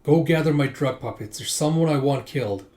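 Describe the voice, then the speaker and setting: A man's voice: fairly high pitch, a little fast, darkish tone, lightly acted. A man reading out the lines of a cold, scheming male merchant villain, giving curt orders.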